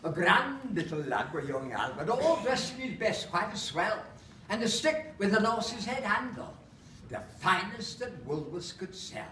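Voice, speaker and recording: A man with a Lancashire accent reciting a comic verse monologue in a steady rhythm. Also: high voice, a little slow, a little hiss or hum. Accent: put-on Lancashire. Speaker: storyteller. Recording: roomy, mic far off, faint ambience.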